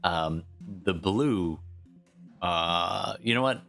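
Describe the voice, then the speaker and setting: Man, game master, very deep voice, relaxed rambling delivery, faint music behind. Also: extremely slow, creaky. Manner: relaxed, rambling, with frequent fillers. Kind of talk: running a tabletop game.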